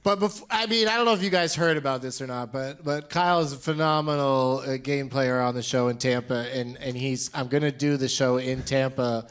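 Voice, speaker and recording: A man's voice: mid-range voice, a little fast, hardly any pauses, clear, resonant tone. A man hosting a live comedy podcast on a club stage, teasing his guests and laughing often. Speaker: podcast host. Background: live audience laughter.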